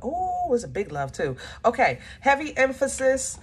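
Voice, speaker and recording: A woman's voice: mid-range voice, sing-song, moderate pace, few pauses, a little hiss or hum. A woman giving a casual, chatty tarot reading to her viewers, emphatic and often searching aloud for the right word. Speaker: tarot reader.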